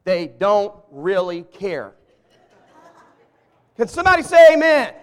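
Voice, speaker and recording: A man's voice: extremely high pitch, lively intonation, slow, long pauses, a bit bright, clean tone, big-room sound. A man from the Southern US with a Southern accent, preaching a humorous, folksy sermon and talking straight to his congregation. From Southern US (Arkansas). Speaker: pastor. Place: church sanctuary with a live congregation.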